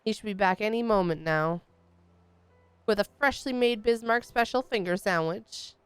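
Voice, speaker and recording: A woman's voice: medium pitch, normal speed, dry recording, close to an everyday voice. Woman doing a swaggering pirate guild boss. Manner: rough pirate slang. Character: swaggering male pirate rogue guild master.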